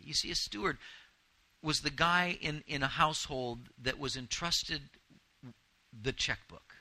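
A male pastor preaching with a very bright, forceful voice. He reads scripture slowly and deliberately, then pleads earnestly, climbing into emphatic, pointed bursts. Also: a little high, poor audio. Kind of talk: expository sermon.

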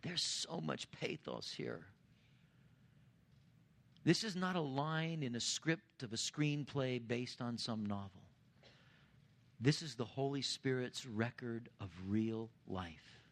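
A pastor preaches slowly in a gravelly voice. He swells louder and higher on key points, then drops to a hushed, low tone at the ends of his lines.

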